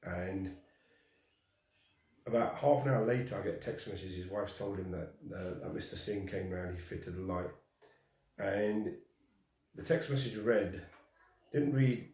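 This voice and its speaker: A man telling a personal story in a lively way, acting out the dialogue and laughing at himself. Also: fairly low pitch, unhurried, long pauses. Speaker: guest. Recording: echoey room, distant from mic.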